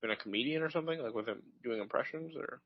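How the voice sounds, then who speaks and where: A man co-hosting a podcast, cracking sarcastic, deadpan jokes in casual banter. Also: mid-range voice, quick pace, husky, no room sound. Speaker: podcast co-host. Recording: dull, slightly lo-fi podcast mic.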